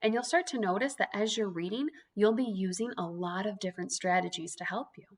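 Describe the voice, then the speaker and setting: A woman teacher giving an early reading lesson for young children, speaking clearly and encouragingly. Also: medium pitch. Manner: encouraging, slow, clearly spoken teacher talk.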